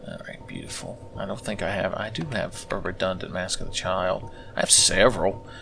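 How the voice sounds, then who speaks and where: A man's voice: deep voice, wildly swooping pitch, moderate pace, gravelly, noisy background. A man commentating his own gameplay with sarcastic, profane, rambling asides. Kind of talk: let's play commentary.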